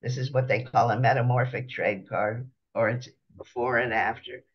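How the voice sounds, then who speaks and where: A man talks through a slide-show lecture at an easy pace, stopping often to explain each picture. His voice sits at an ordinary middle pitch. The recording is dull and lo-fi. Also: steady tone, normal speed, slightly rough.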